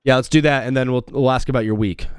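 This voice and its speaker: A man's voice: mid-range voice, steady tone, quick pace. A young man hosting a sports talk show, chatting casually, laughing often and acting out his callers. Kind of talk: casual podcast chat.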